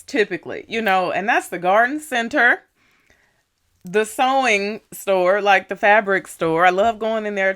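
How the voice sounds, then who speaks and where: With a clear, resonant, fairly bright voice, a woman casually relates a story for her vlog. She's chatty and leans on "you know" and "right?" a lot, performing the dialogue at a higher pitch whenever she's fired up.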